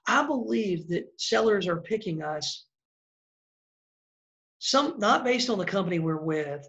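A man's voice: sits high, expressive, a little slow, a bit bright. A man coaching real estate agents in a blunt, casual way, now and then acting out sample phone calls. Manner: blunt, conversational, acts out example calls.

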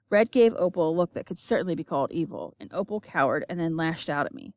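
A woman giving an expressive, measured audiobook narration. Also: sits low, dry recording, clean studio sound.

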